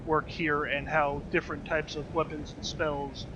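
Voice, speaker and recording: A man's voice: a little high, little pitch movement, a little slow, dull audio, noisy background. A man talking through a video game as he plays, chatty and wry, with lots of ums and uhs. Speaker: streamer. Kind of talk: let's play commentary.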